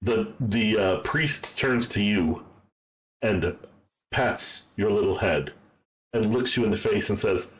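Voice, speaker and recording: A man's voice: lowish voice, slow, rough recording. A man running a tabletop game as game master, narrating playfully in rhyme.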